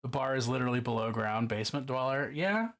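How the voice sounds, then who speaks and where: A man's voice: medium pitch, animated, quick pace, a bit bright. A man from Baltimore chatting casually on a live stream while painting miniatures alone in his room, profane, rambling and self-mocking.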